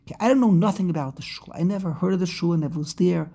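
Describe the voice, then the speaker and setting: A woman giving an impassioned religious lecture, full of rhetorical questions and swings between hushed and loud. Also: lowish voice, very fast, gravelly, husky. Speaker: Torah teacher.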